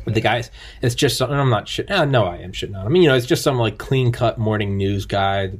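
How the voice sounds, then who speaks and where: A man's voice: fairly low pitch, animated, quick pace, breathy edge. A man hosting a podcast in casual chat, telling stories and acting out what other people said. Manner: storytelling, acting out quotes in shifting voices. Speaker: podcast host.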